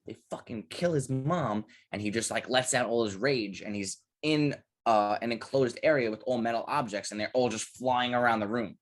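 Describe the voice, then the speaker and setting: A young man co-hosting a podcast, talking casually and rambling through profane, animated stories. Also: mid-range voice, moderate pace, few pauses. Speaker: podcast co-host. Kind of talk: casual chat.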